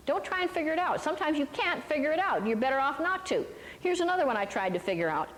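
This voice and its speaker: A high-pitched older woman preaching to a live audience, recorded in a reverberant hall. She tells her stories in a chatty, folksy way and keeps checking in with her listeners. She often asks them little questions along the way. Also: sing-song, fast, a bit bright. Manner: chatty, folksy, with lots of asides and tag questions. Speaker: teacher of a Christian ministry. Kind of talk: sermon with storytelling.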